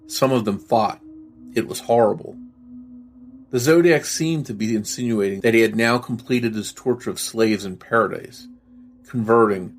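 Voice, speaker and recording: A man narrating a true-crime podcast from a script, laying out his reasoning in a measured, explanatory way. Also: lowish voice.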